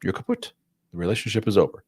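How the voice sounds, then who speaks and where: Blunt, animated low-voiced man host. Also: fast talker, slightly rough, dry recording, clean studio sound. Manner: blunt, casual, calls listeners man and dude; animated, acts out quoted voices. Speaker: host giving relationship advice to divorced dads. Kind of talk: live-stream chat answering viewer questions.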